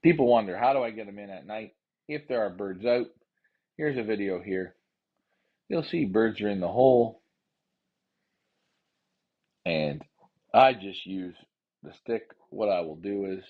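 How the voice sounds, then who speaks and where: A man hosting a pigeon racing show, ranting heatedly with lots of profanity and repetition, then calmly explaining how he handles his birds. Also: on the low side, a little slow, pauses often, narrow, tinny audio. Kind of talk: casual livestream talk.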